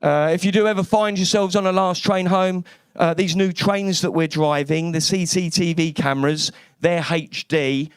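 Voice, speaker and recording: A man from East London with a London accent performs a stand-up comedy set on a club stage. His voice sits notably high for a man, and his delivery is brash and cheeky, full of swearing. He talks into a handheld stage mic. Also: fairly even intonation, normal speed, smooth, dry recording.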